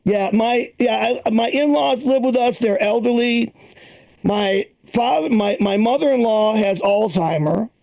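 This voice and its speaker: A Boston-area man in his sixties performs a profane, meandering stand-up set for a streamed online comedy show, acting out the characters in his stories. His voice is extremely high with a darkish tone and vocal fry, and he speaks a little slowly.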